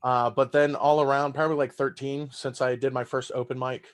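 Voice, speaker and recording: A stand-up comedian from Texas with a Southern American accent chats loosely on a podcast, swearing and laughing as he tells stories. His voice is medium-pitched with little pitch movement, and he talks a little fast.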